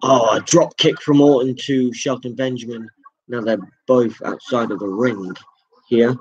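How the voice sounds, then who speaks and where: A man hosting a live reaction stream, calling wrestling moves with excited jumps and chatting to his viewers. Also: mid-range voice, measured pace, breathy edge, highs cut off. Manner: chatty, thanks viewers directly.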